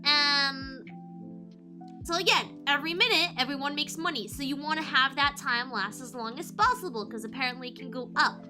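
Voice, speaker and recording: A woman's voice: sits high, moderate pace, music in the background. A woman streamer casually recapping a show in a chatty, rambling way.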